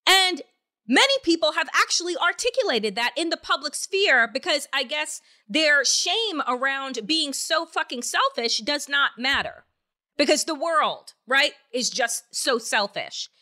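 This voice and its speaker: On her political podcast, this female host speaks a little slowly in a high voice with lively intonation that sounds pushed and bright. Her commentary is angry and emphatic, packed with profanity and rhetorical questions.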